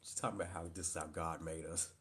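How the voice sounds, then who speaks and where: A playful father chats on a casual live stream, teasing gently and joking along. He keeps speaking straight to his viewers, calling them "y'all". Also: low voice, fairly even intonation, fast talker.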